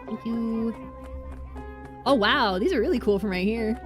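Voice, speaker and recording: A woman streamer chatting excitedly to herself as she plays a video game and reads out its dialogue. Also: on the high side, unhurried. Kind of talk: casual game commentary with read-out dialogue. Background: game music.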